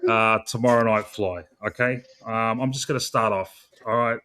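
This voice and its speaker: A man's voice: mid-range voice, normal speed, fairly bright tone. A young Australian man previewing a football match, swearing constantly and pleading with the coach in an exasperated rant. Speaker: football fan podcaster.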